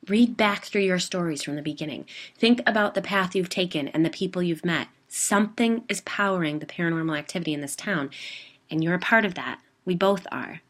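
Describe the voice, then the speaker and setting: A woman voicing an eager, insistent female paranormal theorist in a spoken story, close to her own low-pitched voice. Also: fairly quick, lightly acted. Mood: earnest.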